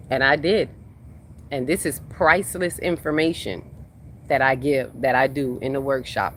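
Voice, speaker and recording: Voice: medium pitch, moderate pace, a bit bright, a little hiss or hum. Spiritual host chatting live with viewers. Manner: reads chat comments aloud and answers them; repeats phrases for emphasis. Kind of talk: casual livestream talk to viewers.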